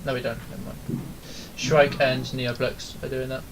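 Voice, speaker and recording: A man's voice: medium pitch, little pitch movement, moderate pace, creaky, very noisy. Man leading a raid over voice chat. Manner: instructive, many ums and likes. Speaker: raid leader. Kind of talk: casual voice chat while gaming.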